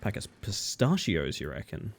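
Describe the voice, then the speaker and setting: A man's voice: lowish voice, huge pitch swings, normal speed, gravelly, breathy edge. A young man streaming a game, chatting playfully and joking directly with his viewers. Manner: playful, joking, talks straight to chat. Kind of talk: casual live-stream chat while gaming.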